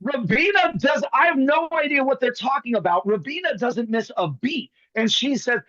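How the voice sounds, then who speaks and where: A man with a high, bright-pitched voice riffs through a comic bit on a video call, tossing in quick impressions. The sound is dry and close but a little dull, like webcam audio. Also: animated, no room sound. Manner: rapid comic riffing with bits of mimicry. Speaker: guest magician.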